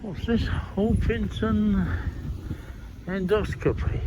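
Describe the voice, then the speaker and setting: A man's voice: high-pitched, steady tone, slow. Wry man muttering to his camera. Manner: wry, mumbled asides to camera, chatty. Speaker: vlogger filming in public. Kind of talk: casual running commentary. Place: outdoors on an industrial estate. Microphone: handheld camera mic. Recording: dull lo-fi sound, clear street noise.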